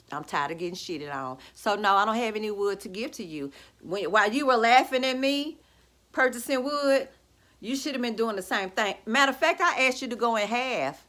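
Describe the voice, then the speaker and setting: A woman talks straight into the camera at home, casual and gloating as she rants to her viewers. Her voice is bright and forceful, and she keeps a sassy, unfiltered manner throughout. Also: mid-range voice. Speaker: vlogger. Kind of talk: casual ranting vlog. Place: at home, indoors.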